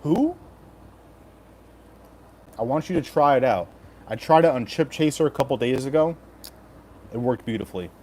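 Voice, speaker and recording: A thirties man, a betting picks streamer, hosts a casual live stream where he jokes, swears and reads chat messages out loud. His middle-pitched voice is expressive and brisk with a darkish tone, and a faint background hum runs underneath.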